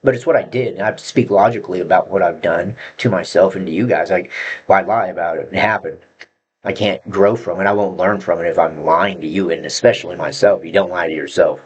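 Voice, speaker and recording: A man's voice: low voice, a little fast, breathy edge, lo-fi sound. A man telling his own story in a blunt, profane, rambling way, breaking into nervous laughs. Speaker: vlogger sharing his addiction story. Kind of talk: candid confessional monologue.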